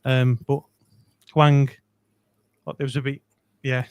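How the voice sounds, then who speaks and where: A man's voice: mid-range voice, level tone, takes it slowly, smooth, no echo. A man co-hosting a football phone-in, talking in a hesitant, filler-heavy way. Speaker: phone-in co-host. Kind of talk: casual chat.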